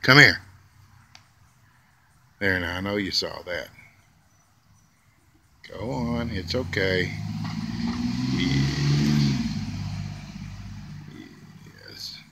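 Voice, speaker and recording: A man's voice: low voice, drawn-out words, pauses often, a bit bright. A man, talking outdoors in a casual, folksy way and coaxing squirrels with sweet, drawling words. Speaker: vlogger feeding squirrels. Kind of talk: casual running talk to animals. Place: outdoors in a yard. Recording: faint outdoor noise.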